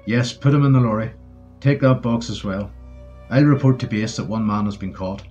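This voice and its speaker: A man's voice: lowish voice, normal speed, a little mellow, highs cut off, faint music behind, lightly acted. A man voicing a courteous, formal German officer while reading a war story.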